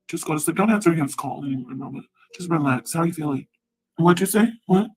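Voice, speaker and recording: A woman's voice: deep voice, quick pace, a little mellow, poor audio. A woman livestreaming a heated, profane rant who also pleads with her mother on the phone.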